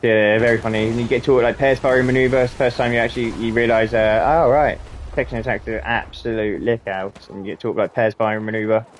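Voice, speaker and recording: A man's voice: medium pitch, steady tone, brisk, slight background noise. A man telling army stories in a rambling, sweary way, often chuckling. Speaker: podcast host and army veteran. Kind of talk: casual storytelling.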